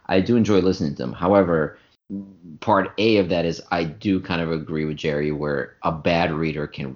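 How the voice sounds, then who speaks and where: A man co-hosting a podcast in casual chat, emphatic and opinionated. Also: low-pitched. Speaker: podcast co-host. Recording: dull lo-fi sound.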